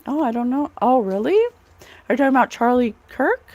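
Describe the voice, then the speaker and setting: A woman's voice: on the high side, a little fast, a little mellow, dry recording, dull audio. A woman giving a casual, rambling psychic tarot reading, full of fillers and asides. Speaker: psychic reader.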